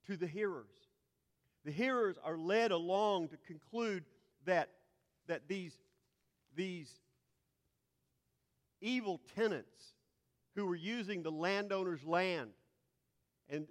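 A man with a high voice preaches a teaching sermon, stumbling over repeated words as he works toward a point. He builds to forceful, emphatic peaks. His voice rings through a hall with a long reverb.

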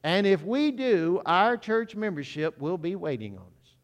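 A man's voice: high-pitched, very animated, a little slow. Polite older church woman, voiced by a male preacher, mild and courteous, reverberant hall.

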